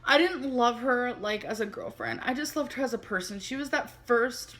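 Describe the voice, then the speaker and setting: A young adult woman telling a personal story on her vlog, speaking candidly and haltingly with many fillers. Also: on the high side, a bit bright. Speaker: vlogger.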